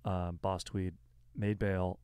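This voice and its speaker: A man's voice: low-pitched, flat delivery, slow, dark tone, clean tone, no room sound, studio quality. A man hosting a podcast in casual chat, laid-back and saying "dude" a lot, while feeling sick. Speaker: podcast host.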